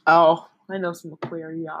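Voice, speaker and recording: A woman's voice: low-pitched, completely flat delivery, unhurried, muffled recording. A young woman, a podcast co-host chatting casually and telling stories, with many giggles and a lot of "like.". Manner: giggly, storytelling with lots of "like". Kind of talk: casual chat.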